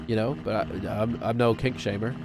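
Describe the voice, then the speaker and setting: A man's voice: lowish voice, moderate pace, background noise. A man streaming a video game, rambling and joking offhandedly as he plays. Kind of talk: gaming stream commentary.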